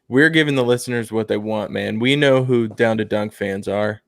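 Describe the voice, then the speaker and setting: A man's voice: lowish voice, normal speed, creaky, fairly bright tone, no room sound, studio quality. A young adult man co-hosting a casual sports podcast, teasing his friends in playful banter. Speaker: podcast co-host. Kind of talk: casual chat.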